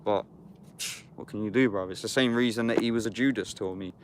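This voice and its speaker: A YouTuber of around thirty speaks low and brisk over slight background noise while vlogging casually in the woods. He reads scripture aloud, then reflects on it in sweary street talk, often calling the listener "bruv."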